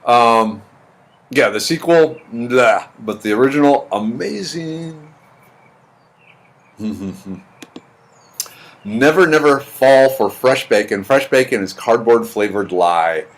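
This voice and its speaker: A man's voice: mid-range voice, slow. A man hosting a casual live stream at home, greeting viewers by name and rambling with dry jokes into his computer's built-in mic. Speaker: live stream host reading chat. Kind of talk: casual chat. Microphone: computer's built-in mic, not his usual one.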